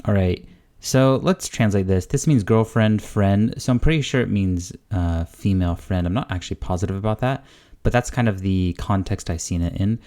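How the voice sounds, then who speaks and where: Young male host, deep and mellow, easygoing screen-share tutorial delivery. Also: normal speed. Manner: relaxed and chatty, thinking aloud with frequent "uh". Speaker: language-learning channel host. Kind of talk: casual screen-recorded tutorial.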